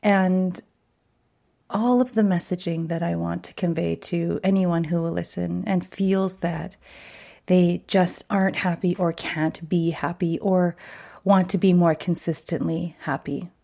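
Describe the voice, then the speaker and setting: A woman's voice: lowish voice, steady tone, a little slow, creaky, dark tone. A middle-aged woman coach hosting her podcast in a casual monologue, bubbly and chatty, laughing often between thoughts. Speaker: podcast host and wellness coach.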